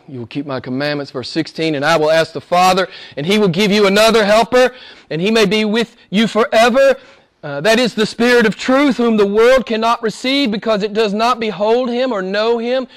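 A male pastor preaching a sermon, swinging between loud exhortation and hushed whispers, with laughs between points. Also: high voice.

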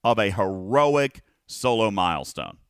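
A man's voice: on the low side, very animated, unhurried, clean tone, no echo, clean studio sound. A man co-hosting a casual gaming podcast, reading viewer comments aloud and talking emphatically, often checking in with "okay?". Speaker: podcast co-host.

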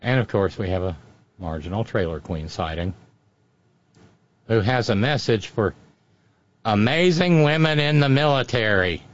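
A man's voice: lowish voice, expressive, measured pace, long pauses. A man hosting a satirical comedy show, delivering mocking political commentary on slightly muffled audio. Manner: sarcastic, mocking.

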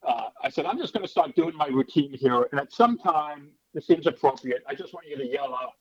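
A man's voice: fairly high pitch, a little fast, slightly rough, dull audio. A man in his fifties, a former stand-up comedian, telling stories casually in an interview and acting out the people in them. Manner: animated, acts out hecklers in character voices.

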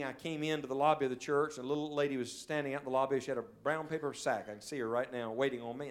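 A male evangelist preaching a sermon in a church service, telling stories and swinging from loud, urgent calls to quiet, hushed moments. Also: medium pitch. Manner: storytelling preacher, swells loud then drops to a hush.

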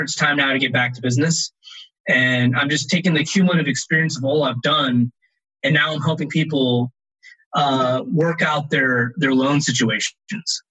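A man talking casually as an interview guest about loans, animated and rambling with restarts. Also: a little high, slightly rough, rough recording. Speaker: guest, loan advisor.

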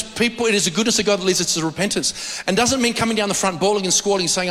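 A middle-aged man from Australia with an Australian accent, preaching an animated sermon and often repeating words. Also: fast. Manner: animated preaching, repeats words, rises high when excited. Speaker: pastor. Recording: long hall reverb.

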